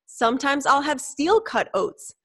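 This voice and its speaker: Young woman podcast cohost, kinda high voice, blunt, swears a lot, casual chat. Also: sing-song, measured pace, sharp tone. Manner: blunt, swears freely, emphatic. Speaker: podcast co-host.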